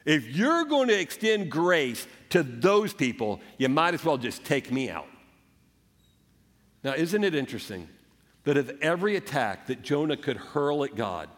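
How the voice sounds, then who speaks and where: A man's voice: fairly high pitch, sing-song, measured pace. A man preaching a sermon as a pastor, earnest and conversational, acting out the quotes. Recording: echoey hall.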